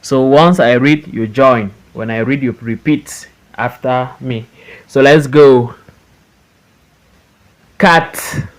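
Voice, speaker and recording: Male teacher, middle pitch, unhurried; leads a phonics class with careful repeat-after-me drills. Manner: slow and deliberate, stretching words out syllable by syllable. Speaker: English teacher. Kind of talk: phonics lesson, reading words for students to repeat.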